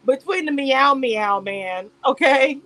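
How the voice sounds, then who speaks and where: A woman's voice: sits high, expressive, slow pace, fairly bright tone. A woman hosting a casual live stream, reading chat aloud and reacting with lots of laughter and rambling asides. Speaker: YouTube live host reacting to a reality show cast.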